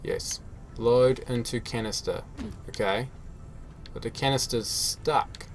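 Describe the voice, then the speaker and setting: A man's voice: mid-range voice, slow, slight background noise. Self-mocking man playing a game. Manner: self-mocking, chatty, swears when frustrated. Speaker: game player. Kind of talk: solo gameplay commentary.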